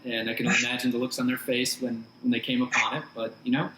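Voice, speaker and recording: A man hosting a podcast interview, speaking slowly and haltingly with many restarts. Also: medium pitch, little pitch movement. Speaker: podcast host. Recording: roomy audio with faint hiss.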